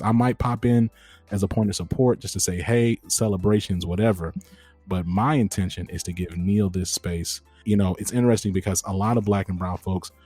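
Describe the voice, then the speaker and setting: A young man hosting a podcast, talking in a lively casual way and calling his listeners y'all. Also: on the low side, breathy edge, no echo. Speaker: host.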